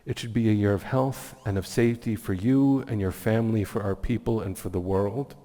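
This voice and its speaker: A man's voice: on the low side, fairly even intonation, brisk, dark tone. Earnest man speaking in an echoey hall. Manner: heartfelt, earnest storytelling. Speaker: guest speaker at a community meeting. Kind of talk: inspirational speech with personal stories. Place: community event hall.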